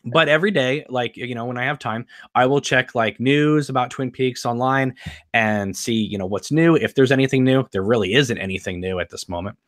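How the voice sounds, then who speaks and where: A man's voice: medium pitch, a little fast, fairly bright tone, no room sound, clean studio sound. A man hosting a podcast in casual chat, hesitant with many ums and you-knows. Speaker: podcast host.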